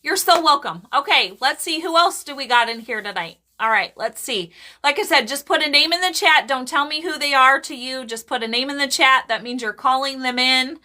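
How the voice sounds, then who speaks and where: A woman with a high, bright voice chats through live psychic readings for her viewers. She talks in an animated, casual way, tossing quick asides to the chat and laughing easily.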